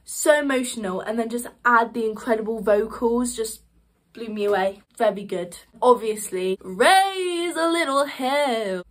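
A young woman talks straight to camera, reviewing a show she loved. Her voice sits a little on the high side, and she gushes in a chatty rush, dropping fillers between every thought. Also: fairly bright tone. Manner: gushing, chatty, lots of "like" fillers. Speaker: vlogger reviewing a musical. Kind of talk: excited casual review.

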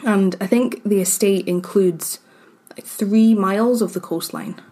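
Woman, husky voice, mid pitch, casual podcast chat, reads from notes. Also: steady tone, unhurried, warm tone. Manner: chatty, laughs easily, reading from notes. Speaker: podcast co-host presenting the story.

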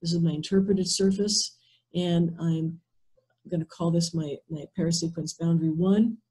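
A woman presents at an online workshop, methodically demonstrating software over a video call and thinking aloud one step at a time. Her voice is fairly low with a breathy edge, and the audio is poor.

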